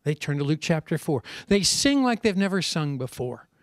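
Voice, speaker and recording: A middle-aged man, a preacher speaking on a conference panel, telling stories in a lively way and acting out what other people say. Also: a little high, moderate pace, no echo, studio quality. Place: conference seminar session.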